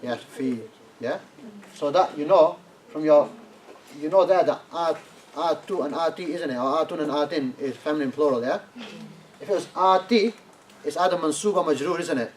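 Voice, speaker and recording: A man teaches a class, often checking in with "yeah?" and calling on students to translate. His voice sits a little high for a man. It is caught by a mic set well away from him, with a faint hiss under the room. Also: moderate pace. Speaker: Arabic teacher. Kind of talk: classroom lesson. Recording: distant classroom recording, faint noise.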